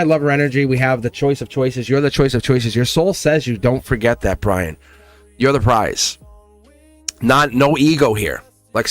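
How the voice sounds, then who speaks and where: A man giving a casual, animated live tarot reading to a viewer, chatty and encouraging, with the odd swear word. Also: mid-range voice. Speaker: tarot reader.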